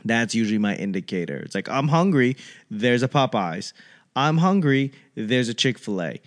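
A man's voice: medium pitch, big pitch swings, moderate pace. Profane rambling man on a casual rant. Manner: rambling, profane, acts out quoted voices.

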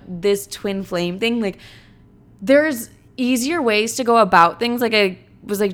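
A woman's voice: medium pitch, fairly bright tone. A young adult woman telling a casual storytime monologue, blunt, profane and self-mocking, with many "like" fillers. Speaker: vlogger.

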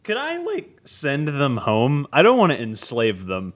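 A man's voice: mid-range voice, wildly swooping pitch, a little slow. Hesitant man playing a tabletop game. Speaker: player.

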